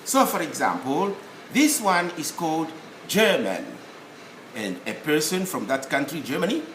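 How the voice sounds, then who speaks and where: A male teacher talks through a spelling lesson slowly and carefully, one word at a time. His voice sits a little high and swings widely in pitch. It is heard in an echoey room with faint background noise. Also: sing-song, a bit bright. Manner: slow, deliberate, explains word by word with pauses. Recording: roomy echo, faint ambience.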